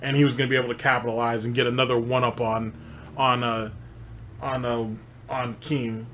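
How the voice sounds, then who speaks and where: A male host talks through his thoughts on a clip in an ordinary middle-pitched voice. He muses aloud and circles back with restarts and filler words. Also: flat delivery, brisk, fairly bright tone, a little hiss or hum. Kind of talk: reaction commentary.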